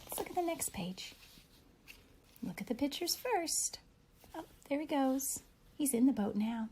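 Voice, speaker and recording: Gentle teacher woman reading to kids. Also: high-pitched, a little slow, slight background noise. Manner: gentle, animated storybook reading with questions to kids. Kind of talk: read-aloud reading lesson for young children.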